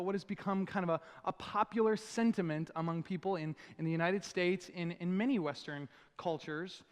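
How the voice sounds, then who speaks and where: A man's voice: sits high, a bit bright, clean tone, in a large hall. A man preaching a sermon as a pastor, conversational and joking with his congregation. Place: church auditorium.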